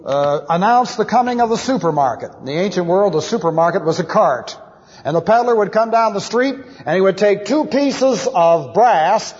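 An animated man delivering a Bible study sermon in a high, lively voice. He acts out sounds and wails as he teaches. The recording is dull and lo-fi, with long hall reverb.

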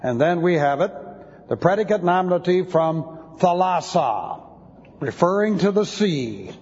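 A man's voice: high voice, animated, measured pace, darkish tone. A man teaching an expository sermon, spelling out Greek words letter by letter. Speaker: Bible teacher. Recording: dull lo-fi sound with long hall reverb.

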